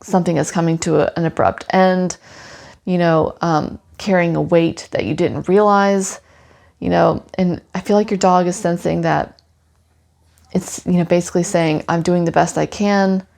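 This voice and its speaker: A woman with a low, gravelly voice talking through a tarot reading. She speaks softly and soothingly and leans on "you know" fillers, like a casual chat with a client. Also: fairly even intonation, normal speed. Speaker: tarot pet reader.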